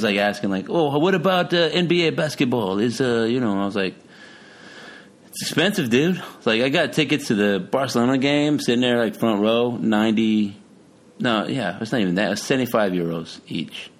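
A man with a somewhat low voice hosts a relaxed chat among friends. He rambles from one thought to the next, joking and swearing freely. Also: a little fast. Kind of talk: casual chat.

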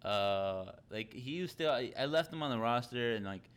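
A man's voice: medium pitch, lively intonation, moderate pace, fairly bright tone, clear, resonant tone. A young man hosting a casual chat, rambling with lots of fillers and restarts.

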